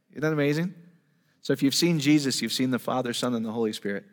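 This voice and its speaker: A man's voice: mid-range voice, steady tone, quick pace. A man preaching a teaching sermon in a church hall, enthusiastic and conversational, firing off rhetorical questions to the congregation. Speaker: pastor. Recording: long reverb of a large hall.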